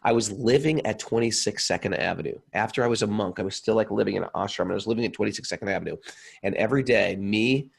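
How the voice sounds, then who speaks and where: A man's voice: fairly low pitch, quick pace, creaky, breathy edge. A man co-hosting a casual spiritual talk show, telling long rambling stories and often repeating himself. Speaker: podcast co-host. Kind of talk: casual chat.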